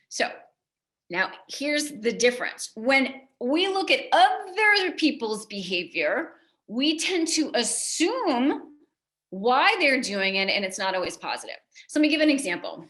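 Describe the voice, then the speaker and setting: A woman's voice: a little high, a bit bright. A middle-aged American woman giving a motivational talk to an audience, conversational and joking, often asking the listeners questions. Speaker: keynote speaker.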